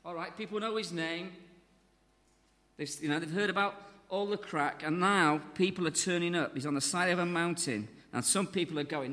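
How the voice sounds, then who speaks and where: Preaching at a normal speed, a man with a light, fairly high voice delivers a lively, jokey sermon, slipping into the voices of crowds and speakers as he goes. A long reverb follows his words, like in a large hall.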